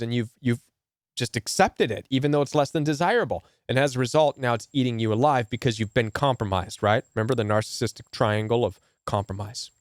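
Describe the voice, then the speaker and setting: A man's voice: medium pitch, smooth, dry recording, clean studio sound. A man speaking as a relationship coach in emphatic commentary to camera, often asking rhetorical questions. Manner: emphatic, repetitive, asks rhetorical "right?".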